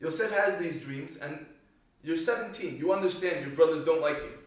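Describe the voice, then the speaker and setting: Male Torah teacher, slightly high voice, animated and questioning, recorded from across a very echoey classroom. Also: moderate pace. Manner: animated storytelling, quizzes the audience. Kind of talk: lively Torah class to a live group. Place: classroom with a small live audience. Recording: echoey room, voice from far off.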